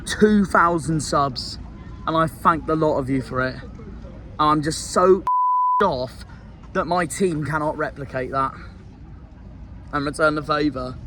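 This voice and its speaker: A man's voice: a little high, measured pace, long pauses, background noise. A man, a football fan vlogger ranting outdoors by a marina, angry and despondent, with swearing. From South West England. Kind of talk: fan rant vlog.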